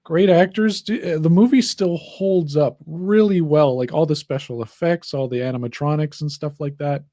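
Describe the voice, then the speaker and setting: Young male co-host, slightly higher voice, acts out every quote. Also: normal speed, dry recording, studio quality. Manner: animated storyteller acting out quotes. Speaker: podcast co-host. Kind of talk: casual chat.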